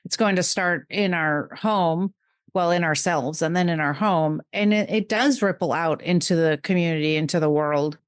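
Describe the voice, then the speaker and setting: A woman's voice: on the low side, clear, resonant tone, no room sound. Earnest middle-aged woman, dry close mic. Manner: earnest, emotional, talks in quick bursts. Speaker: podcast guest. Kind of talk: heartfelt conversational interview.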